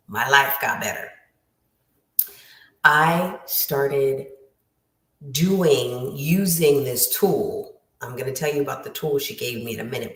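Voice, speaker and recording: A woman writing coach giving an emphatic motivational lesson, repeating her key phrases. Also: extremely low pitch. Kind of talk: motivational teaching talk. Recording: roomy, distant from the mic.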